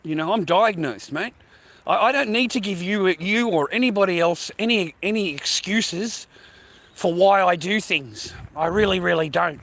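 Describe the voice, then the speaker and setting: A man livestreaming, ranting angrily at his viewers, swearing a lot and repeating himself, sometimes dropping to a low quiet menace. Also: normal speed. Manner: swears constantly, repeats phrases, berates viewers; drops low and quiet when threatening. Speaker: livestreamer talking to his chat. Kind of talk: angry rant to chat.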